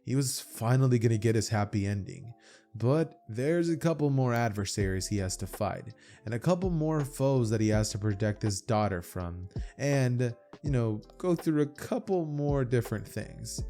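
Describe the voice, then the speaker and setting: Guy narrating an anime fan story, low mellow voice, faint music under it. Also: expressive, normal speed. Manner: plain, run-on storytelling. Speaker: YouTube storyteller.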